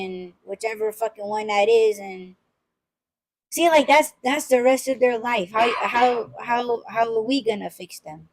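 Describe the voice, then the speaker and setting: A woman's voice: fairly high pitch, normal speed, darkish tone, poor audio. A woman in casual podcast talk, blunt and profane, ranting and mimicking the people she criticizes.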